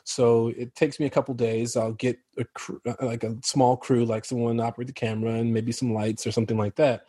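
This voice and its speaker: An American actor chatting in a relaxed interview, his husky voice close and dry. He tells stories easily and laughs often along the way. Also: medium pitch, fairly quick, dry recording. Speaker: actor guest. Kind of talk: casual interview chat.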